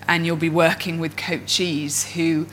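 Her voice sits low and moves a little slowly as this coach gives a presentation to other coaches. She's an expressive storyteller who acts out inner voices. Poor audio quality and a bit of hiss or hum come through.

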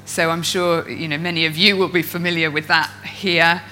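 Speaking to an audience of coaches, this woman, herself a coach and speaker, brings stories to life and voices people's inner thoughts. She has a lowish voice and keeps a moderate pace. The audio is poor, with a slight hiss or hum.

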